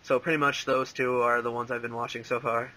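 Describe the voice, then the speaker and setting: A man's voice: mid-range voice, flat delivery, a little fast, sharp tone, poor audio. A young man rambling casually as an interview guest, full of "like" and "um" and frequent laughs. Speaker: interview guest, fan voice actor.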